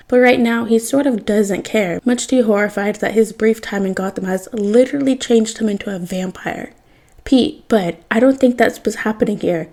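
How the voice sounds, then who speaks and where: A woman reads fan fiction aloud, narrating with a wry, expressive touch. Her voice is mellow and warm, with a middling pitch. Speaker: podfic reader.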